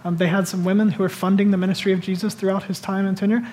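A pastor preaching a sermon in an animated, conversational way, putting questions to the congregation. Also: mid-range voice, racing.

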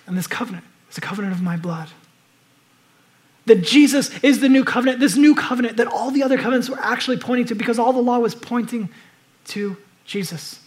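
A man preaching a sermon, moving between loud urgent exhortation and hushed, reflective passages. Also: high voice, fairly quick. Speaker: pastor.

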